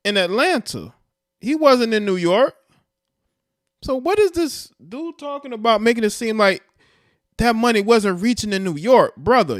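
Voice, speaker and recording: A man with a high, smooth and clear voice talks casually on a livestream. He explains his points and speaks straight to his viewers. The sound is dry and close. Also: no room sound. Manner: chatty, explains and addresses viewers directly. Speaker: livestream co-host.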